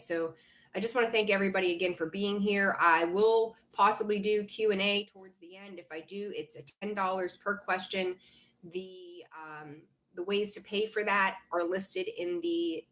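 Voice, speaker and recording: A woman's voice: mid-range voice, a bit bright. A woman hosting a live tarot stream, rambling casually with lots of fillers and restarts while greeting viewers. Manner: chatty, rambling, reads out viewer comments; frequent fillers and self-corrections. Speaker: tarot reader hosting a livestream. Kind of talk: casual livestream chat.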